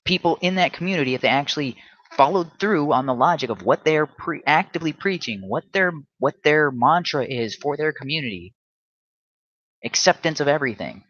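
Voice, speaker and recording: A man's voice: fairly high pitch, animated, a little fast, a bit bright, muffled recording. A man hosting a solo livestream, ranting combatively and often stumbling into restarts. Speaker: livestream host.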